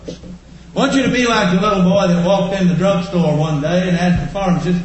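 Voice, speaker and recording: A man preaching a sermon, telling homespun stories and repeating his points slowly for emphasis. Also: fairly high pitch, a little hiss or hum. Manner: folksy, homespun storytelling with slow emphatic repetition. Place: church. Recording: echoey church room.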